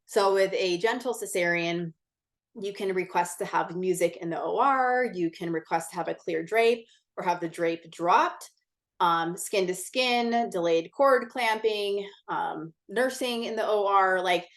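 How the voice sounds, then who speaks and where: Her voice is medium-pitched and a bit slow as she, a podcast guest, opens up about a personal experience in an informal interview. The telling is candid and intense, full of profanity and "like" fillers, and very chatty.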